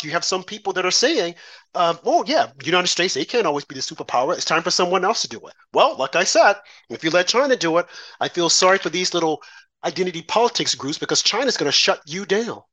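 A man's voice: on the high side, a bit bright. A man co-hosting a political commentary show, ranting with pointed rhetorical questions. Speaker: co-host.

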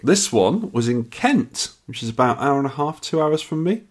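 This podcast co-host has a fairly high, sing-song voice at normal speed as he tells a long, wandering story in casual talk. He's a chatty storyteller who restarts often, and he's tired and yawning after not sleeping enough.

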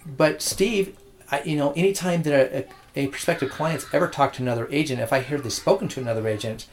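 A real estate agent casually recounting a deal with a client, rambling with restarts and acting out quotes. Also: male voice, on the high side, fast talker, slight background noise. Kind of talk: casual storytelling.

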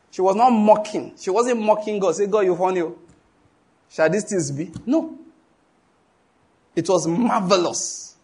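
Husky-voiced Nigerian preacher. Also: male voice, sits high, a little mellow. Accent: Nigerian English. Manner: emphatic, asks the congregation to finish his sentences. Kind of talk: sermon.

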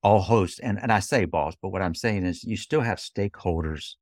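A man hosting a podcast interview, asking measured, reflective questions. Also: deep voice, a little mellow, no echo, clean studio sound. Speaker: podcast host.

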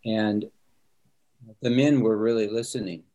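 A man's voice: fairly low pitch, fairly even intonation, measured pace, warm tone. A middle-aged man, a pastor, speaking earnestly and reflectively in a conversation, often repeating words as he starts sentences. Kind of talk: conversational interview answers.

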